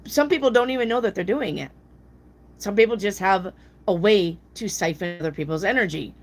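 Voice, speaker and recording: A woman giving casual live tarot readings, answering viewer questions bluntly, swearing freely and mimicking people in a high voice. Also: brisk.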